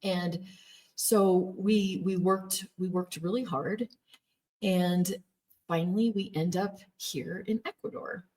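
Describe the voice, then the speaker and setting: A woman's voice: lowish voice, steady tone, slow, a little mellow, distant mic. A woman in her thirties telling her personal story candidly, often laughing as she speaks. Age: 30s. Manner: candid, laughs often, acts out quoted voices. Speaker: former Jehovah's Witness telling her story. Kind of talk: personal testimony.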